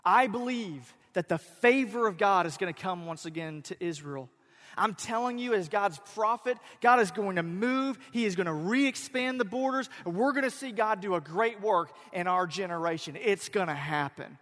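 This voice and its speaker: A confident prophet loudly declaims a promise to his people, as a preacher acts him out in a sermon. The high, ringing voice carries a long hall reverb behind it. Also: normal speed. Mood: defiant. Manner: loud, declaiming. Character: confident male prophet making a bold declaration.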